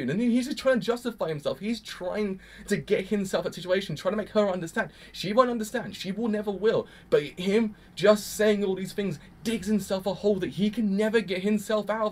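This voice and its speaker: A man's voice: sits high, fast talker, few pauses. A young man rambling through an emphatic, exasperated reaction review. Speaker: anime reviewer. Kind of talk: casual reaction commentary.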